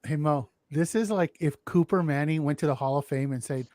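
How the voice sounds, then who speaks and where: Man co-host, insistent, slightly high voice, dry. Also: brisk, darkish tone, no room sound. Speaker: podcast co-host. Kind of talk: casual chat.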